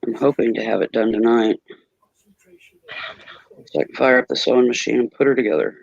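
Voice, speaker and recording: Gravelly man making dry remarks. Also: mid-range voice, a little fast, dry recording. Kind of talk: casual chat. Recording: dry, dull lo-fi audio.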